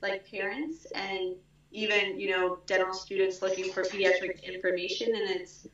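A woman's voice: medium pitch, flat delivery, moderate pace, fairly bright tone. Woman dentist guest, friendly, super echoey lo-fi sound. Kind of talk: casual interview chat. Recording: very echoey, dull remote audio.

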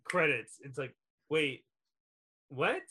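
A man's voice: fairly high pitch, lively intonation, slow pace, bright, forceful tone, husky. A man co-hosting a casual film chat, skeptical and wry. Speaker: podcast co-host. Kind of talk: casual chat about films.

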